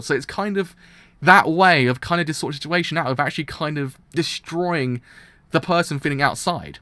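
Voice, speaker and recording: A man's voice: on the high side, animated, a little fast, bright, forceful tone, no room sound. A man streaming a live reaction to a manga, ranting with passion and leaning often on "kind of".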